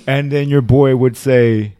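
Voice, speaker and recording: A man's voice: medium pitch, dark tone, no room sound, studio quality. A young man in casual chat, curious and laughing, prodding his friend with questions. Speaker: conversation partner.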